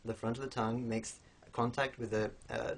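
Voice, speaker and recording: A man giving a recorded pronunciation lesson, explaining patiently and repeating each sound slowly to demonstrate it. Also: medium pitch, flat delivery. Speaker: language teacher.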